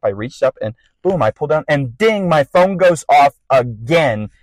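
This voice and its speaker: A young man hosting a podcast, telling a personal faith testimony in a casual, rambling way with bursts of excitement. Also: medium pitch, no room sound, poor audio. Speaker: podcast host.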